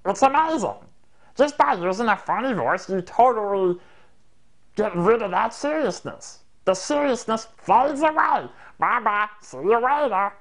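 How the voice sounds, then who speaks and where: A man putting on a silly, high-pitched, goofy voice to demonstrate talking in a funny voice, playful and exaggerated. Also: sing-song, measured pace, pauses often, a bit bright, exaggerated voice.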